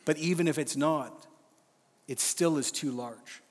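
Earnest man preaching in a hall. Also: on the high side. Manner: earnest, emphatic, slows for a read-out prayer. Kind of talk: sermon. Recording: live hall reverb, faint music.

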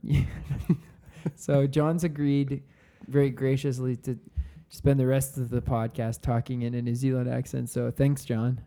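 A man's voice: medium pitch, level tone, measured pace, dark tone. A man co-hosting a podcast in casual chat, joking and teasing his friends. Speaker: podcast co-host.

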